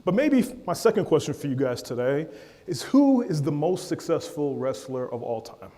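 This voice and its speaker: A man giving a lively keynote at a conference, joking with and calling on the audience in a large hall. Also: fairly high pitch, moderate pace. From Africa. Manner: energetic, playful, calls on the audience and jokes. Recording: long hall reverb.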